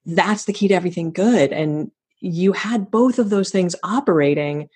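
A woman hosting a podcast, speaking in a thoughtful, affirming and measured way. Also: fairly low pitch, a little mellow, slightly rough. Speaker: podcast host. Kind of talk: reflective interview chat.

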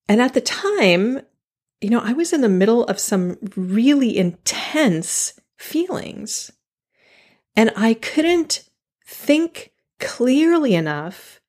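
A woman hosting her own podcast, talking candidly and thoughtfully, pausing to restart and laughing at herself now and then. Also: mid-range voice, big pitch swings, a little mellow. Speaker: podcast host. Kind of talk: reflective solo podcast talk.

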